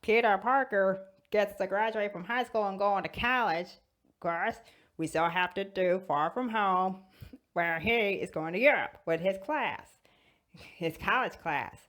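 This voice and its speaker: Animated woman chatting as a fan. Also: medium pitch, measured pace. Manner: animated, giggly, storytelling. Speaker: toy channel host. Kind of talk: casual fan chat.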